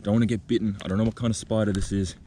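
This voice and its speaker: A man vlogging outdoors in the bush, talking gently and excitedly as he coaxes a spider out of its burrow. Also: fairly low pitch, racing, background noise. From Australia. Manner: excited, gentle, coaxing, thinking aloud. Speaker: nature vlogger. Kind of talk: outdoor wildlife vlog, talking to camera. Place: outdoors in a bushland reserve.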